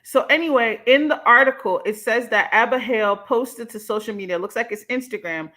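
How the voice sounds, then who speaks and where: A young adult woman hosting a casual livestream, talking in an animated, emphatic way and swearing freely. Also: on the high side, fairly quick. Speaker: livestream host.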